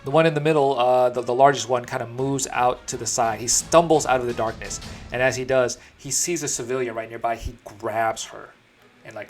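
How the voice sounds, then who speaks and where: A man acting as dungeon master, narrating combat and fighting with the game software. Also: medium pitch. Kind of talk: running a tabletop game online. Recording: clear background music.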